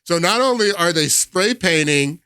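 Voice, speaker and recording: A man's voice: sits high, animated, moderate pace, pushed and bright, clear, resonant tone, no echo, clean studio sound. A man hosting a political commentary show, talking emphatically to his viewers and laughing in disbelief.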